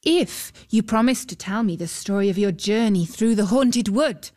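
A woman voicing a wilful young water-spirit girl in a storybook reading, lifting her voice high and bright. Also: moderate pace, natural voice. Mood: pleading.

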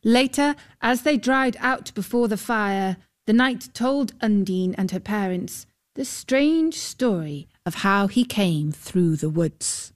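Calm female storybook narrator, even, mid-pitched. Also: slow, hardly any pauses.

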